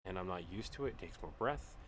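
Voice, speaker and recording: A man's voice: low voice, animated, fast talker, slight background noise. A man chatting casually on a livestream, rambling and joking with plenty of ums and uhs. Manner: rambling and jokey, with frequent fillers. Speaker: streamer.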